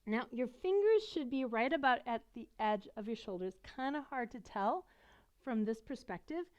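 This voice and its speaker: Middle-aged female yoga instructor, slightly breathless, gentle encouraging guidance, pitch a little high. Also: lively intonation, normal speed. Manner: gentle, encouraging, explains as she demonstrates. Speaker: yoga teacher.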